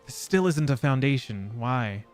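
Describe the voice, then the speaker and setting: A man live-streaming a game, chatting casually and excitably with his viewers and swearing freely. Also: mid-range voice, a little slow, soft background music. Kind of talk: casual live gameplay chat.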